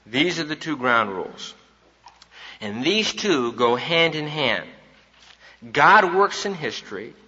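A man's voice: medium pitch, bright, forceful tone, slightly rough. A man preaching an evening sermon, emphatic and repeating his key points for the congregation. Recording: dull recording in a reverberant hall.

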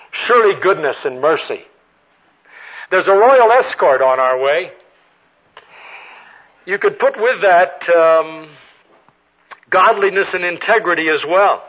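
An older man preaching a sermon with storytelling, moving between ringing emphasis and hushed passages. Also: high-pitched, lively intonation, slow, long pauses. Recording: tinny phone-like radio broadcast.

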